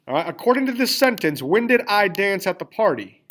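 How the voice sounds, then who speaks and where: The voice sits high and sounds very animated and fairly bright as this Spanish teacher moves at a fairly quick pace. Typing on screen during his lesson, he spells out endings, explains grammar step by step, and keeps asking students "all right?"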